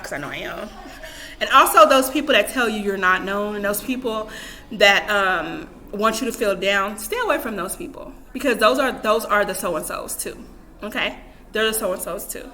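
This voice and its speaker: A woman's voice: fairly high pitch, pushed and bright, a little hiss or hum. A young adult woman giving casual, emphatic advice to camera in a vlog, repeating her points and talking to herself. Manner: repetitive, emphatic, self-talk asides. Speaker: vlogger.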